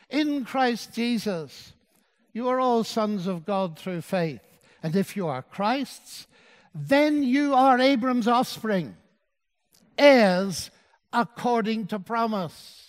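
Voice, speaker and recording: A man preaching a sermon and telling a story, quoting the dialogue in a softened voice. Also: high voice, big-room sound.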